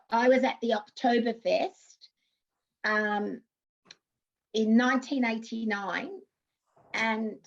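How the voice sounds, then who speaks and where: A woman's voice: on the high side, muffled recording. An Australian woman in her fifties, a former TV actress, chatting through anecdotes in an interview with frequent restarts. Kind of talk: casual interview storytelling.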